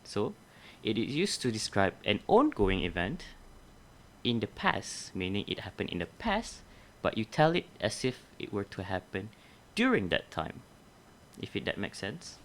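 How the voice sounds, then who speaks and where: Low-voiced young man teaching methodically. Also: wildly swooping pitch, a little slow. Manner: methodical, explains step by step, corrects himself. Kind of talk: micro-teaching grammar lesson.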